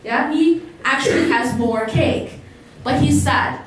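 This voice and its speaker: A woman's voice: sits high, slow pace. A woman giving a religious lecture to a live audience, talking conversationally and asking the listeners questions. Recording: echoey hall, voice from far off, faint noise.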